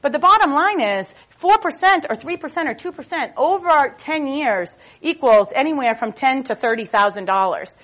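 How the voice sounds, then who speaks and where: Woman, motivational speaker, slightly high voice, chatty, joking. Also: moderate pace, few pauses. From Boston. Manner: lively, chatty storyteller; jokey, self-mocking asides. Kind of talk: stage talk.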